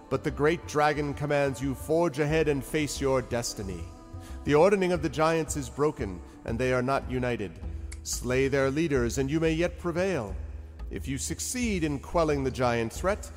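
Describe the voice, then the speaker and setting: A man voicing a masked cultist envoy in a fantasy game, speaking slowly and formally. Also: mid-range voice, long reverb tail, voice pushed up, natural voice. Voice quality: slow, formal, declamatory.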